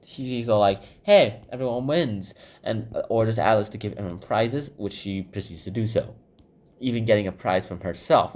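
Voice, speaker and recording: A man casually summarizing a children's book while sketching, rambling with lots of fillers and repeated phrases. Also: sits low. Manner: rambling, filler-heavy, repeats "goes ahead".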